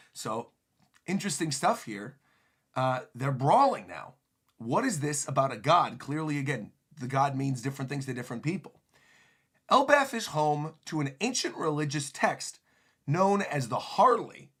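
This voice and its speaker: An excitable man reacts to a manga chapter on a livestream, with commentary that leaps between high and low. His voice is gravelly and husky, and he speaks into a desk microphone. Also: moderate pace. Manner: excitable, laughing, animated commentary.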